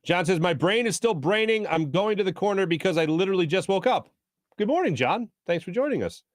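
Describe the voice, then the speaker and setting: High-voiced, expressive and brisk, this man hosts a casual live sports talk stream full of jokes, hummed filler tunes, celebrity impressions and viewer comments read aloud. The sound is dry and studio clean.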